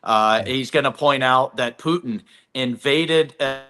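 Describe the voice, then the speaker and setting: A man's voice: mid-range voice, measured pace, pushed and bright. A congressman being interviewed remotely, making blunt, emphatic points. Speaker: congressman guest.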